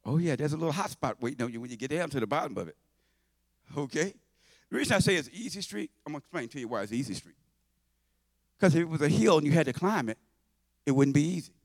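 A man preaching a sermon in church, folksy and conversational, swinging from shouts to low asides. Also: animated, fast, pauses often, no echo, studio quality. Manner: shouting and half-singing at high points, then dropping to low asides; conversational, folksy, with repetitions and laughter.

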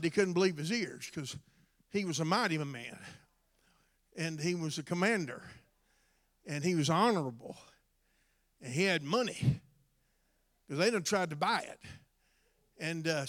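A man preaching a sermon, moving from folksy storytelling to shouted, drawn-out exhortation. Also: a little high. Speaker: former drug addict giving testimony.

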